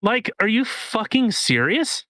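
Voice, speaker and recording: Animated, bright-voiced man ranting. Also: sits high, unhurried, dry recording. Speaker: podcast co-host. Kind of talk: casual chat.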